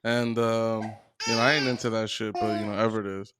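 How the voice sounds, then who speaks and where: A man's voice: fairly low pitch, little pitch movement, brisk, very noisy. A man co-hosting a podcast, chatting casually in a laid-back, rambling, profane way. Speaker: podcast co-host. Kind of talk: casual chat.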